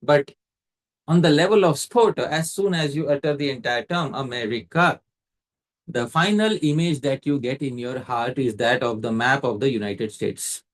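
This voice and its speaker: Measured man teaching scripture. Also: medium pitch. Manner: measured and explanatory, quizzing the listener. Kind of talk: scriptural lecture.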